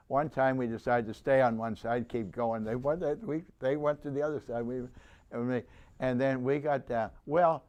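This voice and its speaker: Very old man telling a halting war story. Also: mid-range voice, darkish tone, highs cut off. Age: 90s. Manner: halting, rambling delivery with many restarts; acts out the voices of people he quotes. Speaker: war veteran interviewee. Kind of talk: oral history storytelling.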